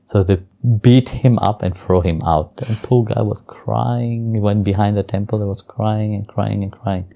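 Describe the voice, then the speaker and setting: A man who is a spiritual teacher, telling a story in an interview gently, with halting restarts. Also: lowish voice, steady tone, creaky.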